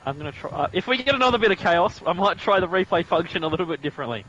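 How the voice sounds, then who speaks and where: A man's voice: sits high, expressive, very fast, pushed and bright, muffled recording. A man hosting a live sim racing stream, commentating the race with joking banter that picks up when the action heats up.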